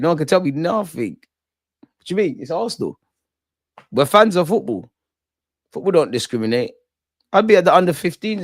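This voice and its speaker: A man's voice: medium pitch, no echo. Young male fan-channel host, slangy and hyped, dry close mic. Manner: excitable, slangy, shouts out viewers. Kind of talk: live watch-along reaction.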